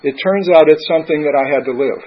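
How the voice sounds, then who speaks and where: A man's voice: on the high side, fast talker, breathy edge. A man giving a candid, conversational personal testimony at a recovery meeting. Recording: dull lo-fi recording.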